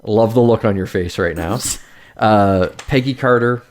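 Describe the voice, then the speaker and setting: A man's voice: lowish voice, a little slow. A man hosting a casual podcast, telling news stories in a loose, swearing, joking way. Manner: swears casually, lively storytelling. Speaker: podcast host. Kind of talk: casual chat.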